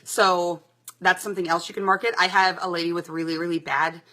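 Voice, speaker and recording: Chatty, bright-voiced woman presenter. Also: fairly low pitch, steady tone, fairly quick. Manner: chatty and upbeat, many fillers like "like" and "um". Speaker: direct sales presenter. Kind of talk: live product demo talk.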